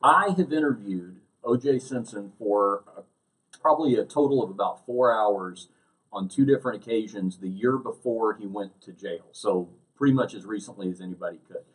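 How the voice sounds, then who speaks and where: A man's voice: fairly low pitch, moderate pace, low-quality recording. A man hosting a podcast, chatting casually and running through show announcements. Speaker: podcast host.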